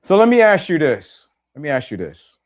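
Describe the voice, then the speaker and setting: A fairly high-pitched man with huge pitch swings talks at a normal speed on a muffled recording. The middle-aged podcast host reflects plainly to his listeners, echoing key phrases for emphasis and asking them pointed questions.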